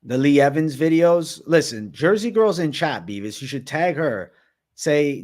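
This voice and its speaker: A man's voice: fairly high pitch, lively intonation, unhurried, darkish tone. A young man from Massachusetts hosting a livestream, chatting loosely and swearing constantly while reading viewer comments aloud. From Massachusetts, USA. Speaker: livestream host.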